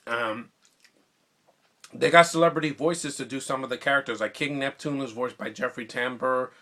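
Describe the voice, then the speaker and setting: Excitable man reviewing on a phone mic. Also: medium pitch. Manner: rambling and excitable, with many restarts. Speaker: movie reviewer. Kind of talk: casual movie review vlog.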